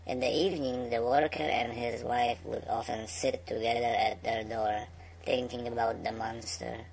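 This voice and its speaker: A man reading a bedtime story aloud in a slow, unhurried way, with small slips. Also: medium pitch, flat delivery, gravelly, slight background noise, rough recording.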